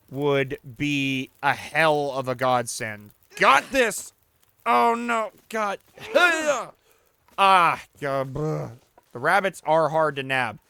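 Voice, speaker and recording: Excitable man narrating his gameplay. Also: on the high side, gravelly, smooth, no echo. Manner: excitable, swears and shouts at misses; talks to the player character and the audience. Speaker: let's play host. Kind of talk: casual gaming commentary.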